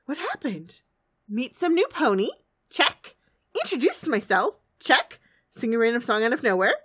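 A woman voicing a bubbly, hyper female cartoon pony in a squealing, excited voice. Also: normal speed, slightly rough, exaggerated voice. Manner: squealing, high and loud, breathless excitement.

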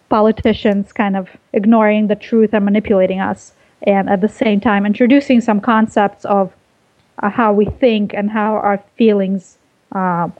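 Woman, from Russia, phone-line sound, measured explaining, guest. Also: mid-range voice. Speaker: guest, nonprofit co-founder. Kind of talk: casual interview over phone.

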